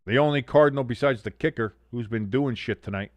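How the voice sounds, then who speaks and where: A man's voice: mid-range voice, fairly quick, no room sound. A man in his thirties streaming a watch-along, calling the plays himself, reading chat aloud and swearing freely when his team stumbles. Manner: profane, exasperated, swearing freely. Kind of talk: live play-by-play commentary with chat reading.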